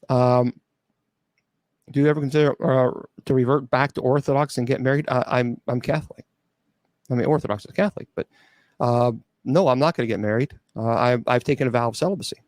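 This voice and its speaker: A man's voice: mid-range voice, a little fast, darkish tone, no echo, clean studio sound. A celibate clergyman taking viewer questions on a livestream, blunt and sarcastic, with frequent restarts and stumbles.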